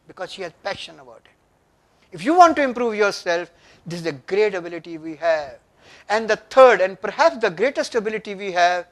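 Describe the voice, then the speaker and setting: A man's voice: high voice, fairly bright tone. An older man with an Indian English accent giving an emphatic motivational workshop talk and often asking the audience questions. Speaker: workshop speaker. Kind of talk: motivational lecture. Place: conference room.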